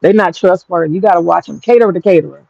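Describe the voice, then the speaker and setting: A woman's voice: fairly low pitch, very fast, creaky, dark tone, lo-fi sound. A woman who runs an event rental business, telling candid stories in a blunt, profane, boastful way. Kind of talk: candid casual storytelling.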